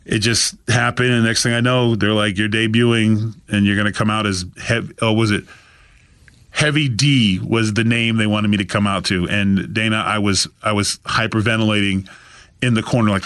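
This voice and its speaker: A man spins an animated story as a podcast guest, jumping into the voices of the people he quotes. His tone is bright and forceful. The sound is dry and close. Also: moderate pace, smooth, no room sound. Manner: acts out quoted voices with big pitch jumps. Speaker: guest, author.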